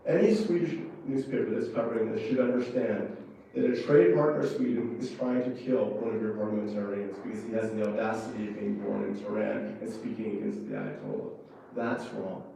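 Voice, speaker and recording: A man delivers a fired-up conference speech, pressing each point with fervent emphasis. His voice is mellow and dark. He is heard from a distance across a strongly echoing hall. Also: medium pitch, vocal fry, slight background noise. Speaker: conference speaker, former ambassador. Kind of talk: impassioned public speech. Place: conference room. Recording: echoey hall from far off.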